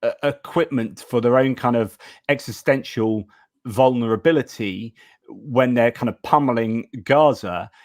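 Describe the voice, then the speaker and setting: Male host, hesitant halting delivery, dry close recording. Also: medium pitch, dry recording. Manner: hesitant, many fillers and restarts. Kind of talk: casual live-stream conversation.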